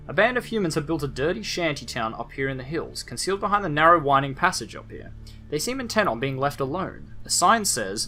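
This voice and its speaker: A man's voice: a little high, big pitch swings, fairly quick, sharp tone, soft background music. A man hosting a let's play, giving casual commentary with wry, jokey asides and reading in-game text aloud.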